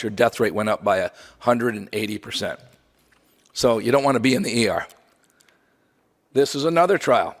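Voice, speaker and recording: Man, gravelly, lecture with slides, wry conversational asides, long hall reverb. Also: medium pitch.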